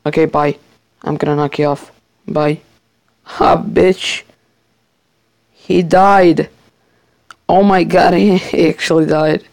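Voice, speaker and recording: Guy talking over his mobile game match in his bedroom, gravelly voice, slow talker, gets excited and swears a lot. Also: on the high side, no echo. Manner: excitable, swears, jokingly boasts. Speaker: gamer playing a survival match. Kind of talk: casual game commentary.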